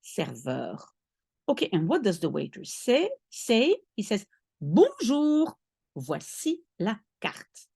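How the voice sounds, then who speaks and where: A woman's voice: medium pitch, wildly swooping pitch, takes it slowly, gravelly, dark tone, slightly rough, dry recording, studio quality. A woman teaching a lesson, patient and explaining step by step, often checking if she is understood. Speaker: language teacher. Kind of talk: one-on-one French lesson.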